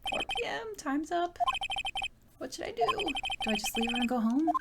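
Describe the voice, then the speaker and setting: A woman's voice: high voice, sing-song, moderate pace, heavy background noise. An Australian woman hosting a let's play, reading game dialogue aloud with playful, giggly commentary. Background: game music.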